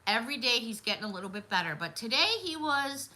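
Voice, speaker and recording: Bright-voiced chatty woman vlogger. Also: on the high side, lively intonation, quick pace, poor audio. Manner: chatty, warm-hearted, laughs often, talks to viewers by name. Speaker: livestream host. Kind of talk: casual chat reading viewer comments.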